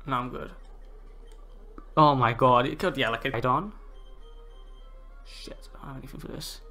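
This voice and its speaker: A young man commentating his own gameplay, exasperated, swearing, and breaking into shouts and laughs at his losses. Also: medium pitch, moderate pace, soft background music.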